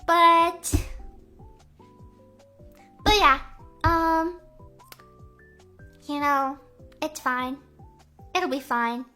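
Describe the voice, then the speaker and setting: Young woman streamer, high and sharp-toned, Valley-girl rambling with lots of "um" and "like". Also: extremely slow, pauses often, faint music behind. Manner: rambling, filler-heavy, Valley-girl talk; stammering, repeating phrases. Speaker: VTuber streamer. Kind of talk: casual livestream chat.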